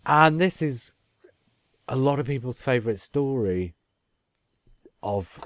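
A man's voice: mid-range voice, lively intonation, slow. A man, co-hosting a casual podcast chat and reading listener emails aloud. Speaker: podcast co-host.

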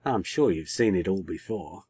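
A man's voice: deep voice, animated, normal speed, mellow, breathy edge, dry recording. A blunt, unsentimental young woman, put on by a male reader in a raised register. She speaks plainly and bluntly. The sound is close and dry.

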